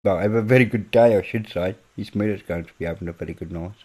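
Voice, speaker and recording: A man's voice: lowish voice, quick pace, dark tone. A man with a northern English accent, rambling through a casual late-night livestream chat with viewers in British slang. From northern England. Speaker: livestream host.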